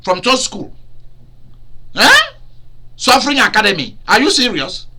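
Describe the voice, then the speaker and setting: Bright-voiced animated male preacher. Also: very high-pitched, unhurried, slight background noise. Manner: animated, laughing, acts out cries and dialogue. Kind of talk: sermon.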